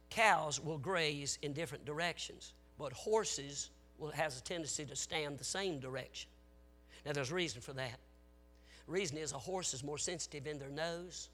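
Forceful, emotional male preacher. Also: a little high. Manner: emotional storytelling, swinging from shouted exhortation to hushed tones; folksy, conversational asides to the congregation. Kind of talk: sermon.

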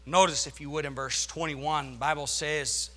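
A male pastor preaching a sermon, reading scripture aloud and swelling dramatically in loudness as he drives his points home. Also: fairly high pitch, fairly even intonation, normal speed.

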